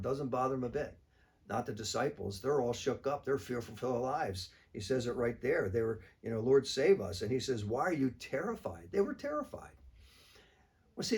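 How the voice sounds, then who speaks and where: A man, a priest, giving a short weekly reflection in a conversational, plain-spoken way. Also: mid-range voice.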